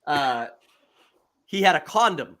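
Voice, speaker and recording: A man with a slightly higher-pitched voice spins a profane tale on a casual podcast. He laughs through his stories and swears freely. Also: lively intonation, slow pace, bright, forceful tone, a little hiss or hum. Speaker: podcast co-host. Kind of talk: casual chat, storytelling.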